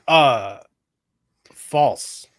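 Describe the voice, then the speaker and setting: A man with a medium-pitched voice hosts a live commentary chat, cutting in to react and keep things moving. He rants with animated energy and speaks straight to his audience. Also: extremely slow. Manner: animated, interrupts, ranty, talks to viewers. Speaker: livestream host.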